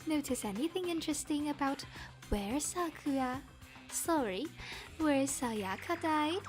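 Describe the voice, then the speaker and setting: A woman voicing a calm, composed teenage girl gambler in a soft, light, measured voice. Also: high voice, faint music behind.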